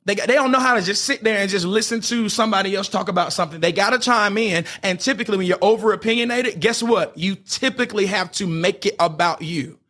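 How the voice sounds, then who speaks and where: Speaking fast with few pauses, this man has a high, pushed, bright voice. He hosts an advice podcast on relationships, preaching his lessons emphatically and leaning on phrases like "get this" and "hear me," though he keeps stumbling and restarting sentences.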